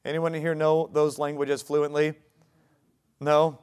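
Smooth-voiced man preaching a sermon. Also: a little high, flat delivery, measured pace, a little mellow. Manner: conversational preaching, rising to emphatic points. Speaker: pastor.

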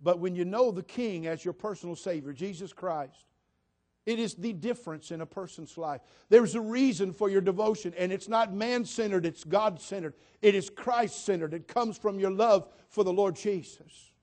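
A man's voice: high voice, moderate pace, a little mellow. A man preaching a sermon as pastor, emphatic and repetitive, putting direct questions to the congregation.

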